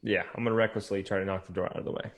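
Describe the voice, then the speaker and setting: Low-ish guy player, casual, kinda stammery, repeats himself. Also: flat delivery, racing. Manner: stammering, repeats words as he starts. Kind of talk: casual tabletop play.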